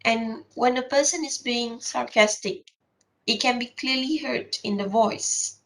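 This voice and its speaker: A woman lecturing a class in a slightly high voice, taking her time over each point. She explains carefully, filling gaps with frequent pauses and restarting her sentences as she goes. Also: a bit bright, rough recording.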